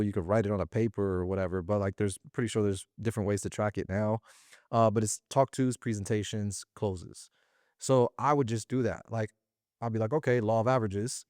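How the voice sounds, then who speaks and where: A man talking as an interview guest about running a sales business, in slangy, animated casual speech. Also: fairly low pitch, no echo, clean studio sound. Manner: slangy and animated, often acting out little quoted exchanges.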